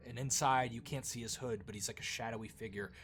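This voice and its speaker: A man's voice: medium pitch, steady tone, fast, fairly bright tone. A man narrating a tabletop role-playing game as game master, in a casual, descriptive way with frequent fillers.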